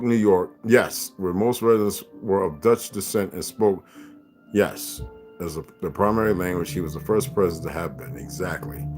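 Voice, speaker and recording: Man, livestream host, casual rambling talk, swears, low voice, music behind. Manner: rambling, profane, laughs often. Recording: music playing clearly behind.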